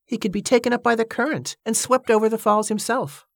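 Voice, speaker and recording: A narrator voicing an eager young man who coaxes and smooths things over in an audiobook. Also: medium pitch, steady tone, a little fast, fairly bright tone, no room sound, clean studio sound, voice pushed up. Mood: coaxing. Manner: coaxing, placating.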